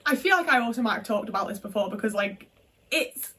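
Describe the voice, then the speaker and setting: Frank, high-voiced young woman telling a story. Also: lively intonation, fast talker, distant mic, background noise. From United Kingdom. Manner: frank, swears often, many filler "like"s. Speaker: vlogger. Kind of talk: casual storytime monologue.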